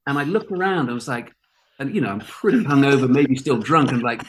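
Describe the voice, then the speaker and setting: A man's voice: medium pitch, fairly quick, slight background noise. A man, a documentary producer who did not grow up in America, telling a story in casual chat and acting out the voices in it. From outside America. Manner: animated, acts out voices in anecdotes.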